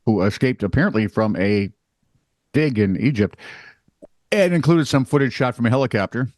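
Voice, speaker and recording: A man's voice: medium pitch, animated, moderate pace, a little mellow, dry recording. A man co-hosting a comedy news podcast, reading offbeat stories and cracking wry jokes. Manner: wry, jokey, reads news stories aloud. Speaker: co-host. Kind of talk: casual news banter.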